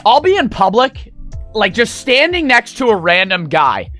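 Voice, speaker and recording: Young man, streamer, high bright voice, swooping lively delivery, rambling and profane, faint music underneath. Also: unhurried. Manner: rambling, profane, full of fillers. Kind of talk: casual storytelling to stream chat.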